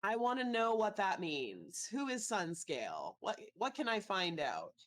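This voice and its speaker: A woman's voice: mid-range voice, very animated, unhurried. A woman playing a tabletop game, chatty and asking curious questions. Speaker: player. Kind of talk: casual tabletop game play.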